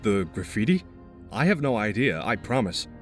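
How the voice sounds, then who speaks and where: A woman voicing a meek, flustered young woman protagonist in a mumbled, mock-deep voice. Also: sing-song, normal speed, music in the background. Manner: mumbled, mock-deep reading of a character's lines.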